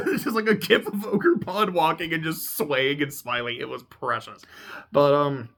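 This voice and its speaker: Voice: medium pitch, lively intonation, normal speed, a bit bright. Laid-back, swearing game recapper. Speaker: YouTuber.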